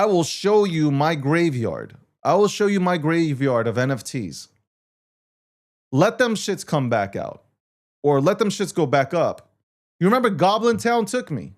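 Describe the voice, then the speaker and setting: A male host riffs through casual market talk, cursing freely and laughing at his own losses. His voice sits a little high and leaps up and down with lively swings of pitch. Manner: profane, animated, self-mocking rants. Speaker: show host.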